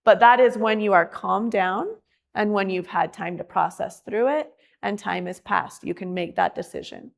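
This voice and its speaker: A woman teaching a class in a casual, chatty way, acting out quotes with lively emphasis. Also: medium pitch, moderate pace, vocal fry. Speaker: class instructor.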